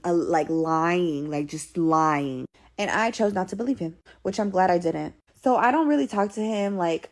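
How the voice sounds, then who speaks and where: A woman telling a story in a casual get-ready-with-me storytime, animated and slangy, swearing freely. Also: lowish voice.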